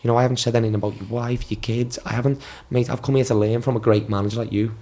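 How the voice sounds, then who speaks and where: A former footballer in his twenties, appearing as a podcast guest, rattles off casual anecdotes with free swearing and frequent restarts, raising his voice for quoted lines. His medium-pitched voice is level and dark in tone, and he talks rapid-fire.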